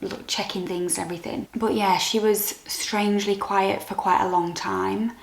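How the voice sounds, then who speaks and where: A young British woman vlogger telling a personal story to camera in a soft, candid, halting way that turns emotional. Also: mid-range voice, fairly even intonation, vocal fry. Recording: echoey room.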